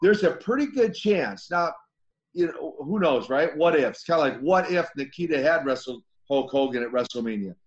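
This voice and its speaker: A former wrestler in his sixties, appearing as a guest, tells stories animatedly in a slightly high voice at normal speed. He laughs and restarts his sentences in this casual interview storytelling, and the audio is dull.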